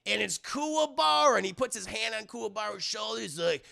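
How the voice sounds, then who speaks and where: A man's voice: high-pitched, fairly quick, vocal fry, pushed and bright. A man casually recapping an anime episode to a live chat, rambling with lots of fillers. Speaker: anime reviewer streaming live.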